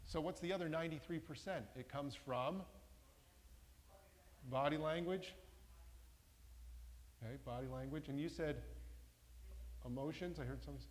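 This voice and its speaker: A man leads a workshop in a large meeting room and keeps putting questions to the audience in the room. His voice sits at an ordinary middle pitch. A long reverb from the hall trails behind every phrase. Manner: engaging, asks the audience questions. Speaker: workshop presenter. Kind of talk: interactive talk to a live audience.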